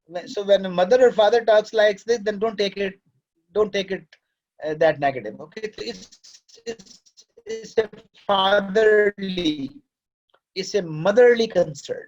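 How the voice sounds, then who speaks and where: With a high, sing-song voice and an unhurried pace, a male course director lectures his class like a father figure, sometimes moving into Urdu. The audio sounds dull.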